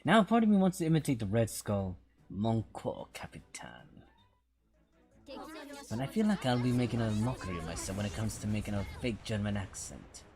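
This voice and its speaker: A man's voice: on the low side, lively intonation, quick pace, hardly any pauses, darkish tone, faint music behind. A man streaming a mobile game, rambling through casual commentary and often repeating himself.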